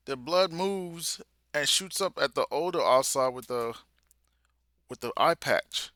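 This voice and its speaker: A young man hosting a live manga reaction, reading aloud and reacting in excited, slangy casual talk. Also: a little high, unhurried, dry recording, studio quality. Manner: excited, slangy, talks along while reading.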